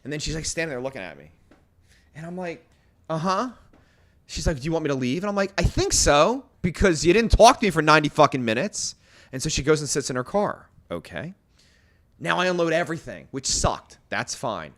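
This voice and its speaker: Animated, profane storytelling man. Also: medium pitch. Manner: profane, animated, acts out quotes loudly. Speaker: podcast co-host. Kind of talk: crude storytelling chat.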